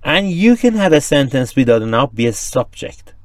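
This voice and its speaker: A man's voice: mid-range voice, very animated, normal speed, dry recording, clean studio sound. A man whose first language is Persian is a guest on a language podcast. He explains grammar step by step with examples. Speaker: guest teacher. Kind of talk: podcast discussion.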